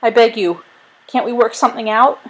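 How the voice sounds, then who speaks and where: A woman reading a storybook aloud, voicing a cowardly, sniveling male sailor who pleads in a high, whiny voice. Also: lively intonation, normal speed, close to an everyday voice, rough recording. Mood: panicked.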